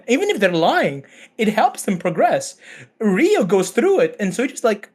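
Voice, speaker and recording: Woman co-host, lively swings in pitch, profane and fast-moving. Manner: profane, animated, quotes characters in put-on voices. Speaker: podcast co-host. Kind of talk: casual chat.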